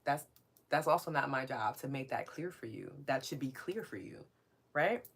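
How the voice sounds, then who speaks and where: A woman's voice: extremely low pitch, lively intonation, moderate pace, vocal fry, husky. A woman hosting a live podcast, reading viewer comments aloud in casual chat, candid and mildly profane, laughing often and asking "right?".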